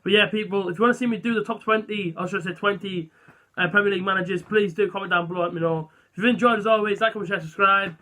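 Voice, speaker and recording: A man's voice: high-pitched, fairly even intonation, quick pace, sharp tone. A young man vlogging in a chatty, self-deprecating way, full of fillers and asides. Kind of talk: casual vlog chat.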